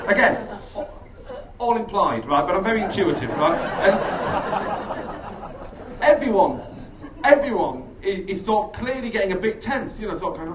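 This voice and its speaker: A man doing stand-up, telling a sweary, animated story and laughing often as he goes. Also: high-pitched, moderate pace. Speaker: stand-up comedian. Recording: roomy, distant mic, crowd and noise. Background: audience laughter.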